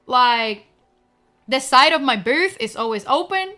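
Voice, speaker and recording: With faint music in the background, a young adult woman streamer speaks a little slowly in a high, expressive, bright and forceful voice. She's gushing and teary, nearly crying, as she chats emotionally with her viewers, using plenty of fillers.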